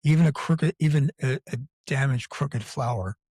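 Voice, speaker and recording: Very husky man, dark and dry. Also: medium pitch, normal speed, no room sound. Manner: chatty, jokey, folksy parenting advice. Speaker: functional medicine practitioner guest. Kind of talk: casual conversation.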